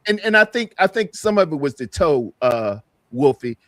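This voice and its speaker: A man in casual sports podcast chat, talking in an animated, repetitive, heated way. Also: on the high side, moderate pace, no echo.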